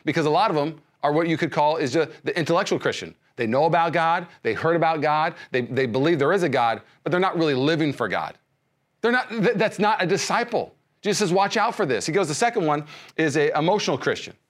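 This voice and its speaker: A man's voice: a little high, expressive, quick pace. Man preaching with rising passion. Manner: passionate, swings from loud rising emphasis to soft hushed lines; frequent fillers and restarts, conversational preaching. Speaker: pastor. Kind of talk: sermon.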